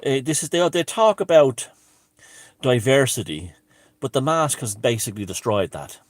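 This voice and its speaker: A man's voice: mid-range voice, lively intonation, moderate pace, no room sound, clean studio sound. A man telling a casual story in a rambling way, with many restarts and asides and a wry, self-mocking streak. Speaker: channel host.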